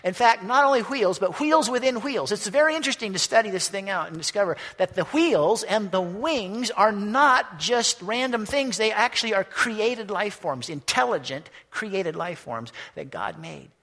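A man preaching a sermon, telling the story with animation, acting out voices and shouting at its peaks. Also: sits high, animated, normal speed, hardly any pauses.

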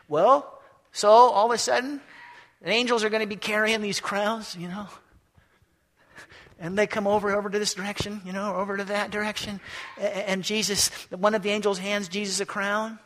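A man preaching a storytelling sermon to a congregation, animated and acting out the scenes he describes. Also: high-pitched, normal speed. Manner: animated, acts out scenes in voices. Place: church or hall. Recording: echoey hall.

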